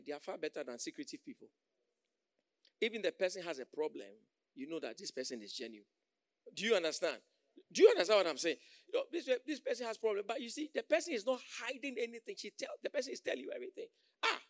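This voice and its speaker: A man preaching with a high, gravelly voice, pushing his congregation to answer back. He drops to quiet asides, then rises to loud calls, and sometimes acts out other people's voices. The sound is close and dry. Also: dry recording. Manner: call-and-response, acts out quoted voices, swings loud and soft. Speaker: pastor. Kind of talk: sermon.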